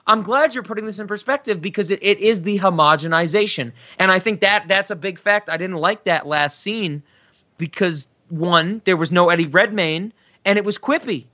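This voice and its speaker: Podcast co-host, male, bright and slightly high voice, excitable ranter, lo-fi mic. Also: moderate pace. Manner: animated, gets loud and excited when ranting. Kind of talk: casual film discussion.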